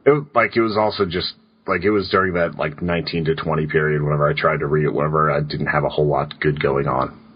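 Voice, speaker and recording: A man's voice: rumbling low, fairly even intonation, fast, husky. A man in his twenties co-hosting a podcast, rambling wryly with lots of fillers. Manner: rambling, filler-heavy, wry. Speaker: podcast co-host. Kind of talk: casual chat. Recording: dull lo-fi sound.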